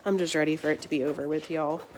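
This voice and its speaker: Sick and congested, her voice sore, a young woman runs a casual beauty livestream, venting to viewers about what's frustrating her in a chatty way. She speaks fast in a steady tone that's low for a woman, with a little hiss or hum.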